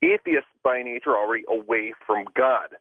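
A man calling in to a radio show, polite and measured. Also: mid-range voice, slightly rough, no room sound. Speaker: caller. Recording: tinny phone line on radio.

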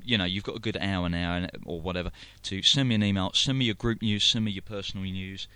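A man's voice: low-pitched, steady tone, fast, sharp tone, clean tone, no echo. A man with a London accent hosting a live internet radio show, rambling through announcements with many fillers and restarts. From London, England. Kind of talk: casual live radio chat.

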